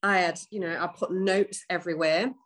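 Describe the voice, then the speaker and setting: Bubbly excitable woman. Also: on the low side, normal speed. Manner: bubbly, excitable, laughs often. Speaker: business owner and host. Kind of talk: casual chat.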